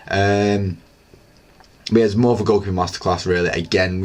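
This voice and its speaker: A young man hosting a casual solo football recap, chatty and excitable, rambling with lots of fillers. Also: on the low side. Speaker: football channel host.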